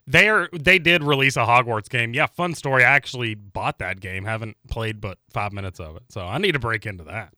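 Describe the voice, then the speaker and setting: Bright-voiced male radio co-host. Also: medium pitch, brisk, few pauses, no room sound, clean studio sound. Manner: brief, easygoing replies. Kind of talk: casual sports radio banter. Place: radio studio.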